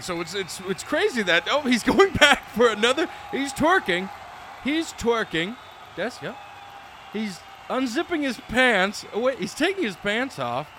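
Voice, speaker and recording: A man's voice: high voice, sharp tone, a little hiss or hum, heavily acted. A man playing a male sports play-by-play announcer, giving breathless running commentary and laughing through it. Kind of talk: comedic mock sports commentary.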